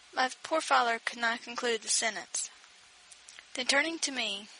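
A woman reading a story aloud with a gentle, expressive delivery. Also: on the high side, moderate pace, slight background noise, low-quality recording. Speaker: audiobook narrator. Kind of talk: scripted narration.

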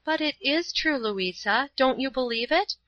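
An earnest, kind young woman who pleads warmly and eagerly, as a woman reader voices her. The voice is bright and high. The recording is dry and somewhat dull. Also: expressive, unhurried, no echo, exaggerated voice. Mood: earnest, pleading.

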